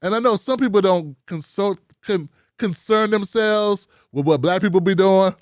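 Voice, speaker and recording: Man, commentary host, opinion monologue, rhetorical questions, fairly high pitch, dry sound. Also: moderate pace, no room sound. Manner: blunt, animated, rhetorical questions.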